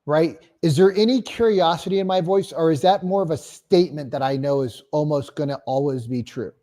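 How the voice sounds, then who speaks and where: A man giving an energetic real estate sales training talk, acting out calls and clients and swearing casually. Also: fairly high pitch, brisk.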